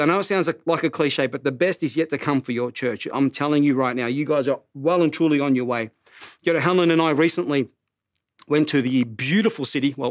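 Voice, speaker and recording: High-voiced middle-aged male pastor preaching. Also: no echo, clean studio sound. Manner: animated, self-mocking, repeats words. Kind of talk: sermon.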